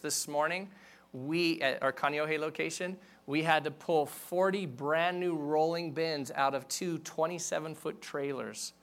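A man's voice: a little high, a bit bright. A middle-aged man preaching a sermon as senior pastor, candid and self-deprecating in a conversational way.

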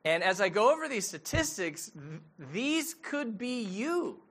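Bright-voiced pastor preaching. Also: male voice, high voice, very animated, a little slow. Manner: storytelling, conversational, asks the audience questions. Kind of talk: sermon.

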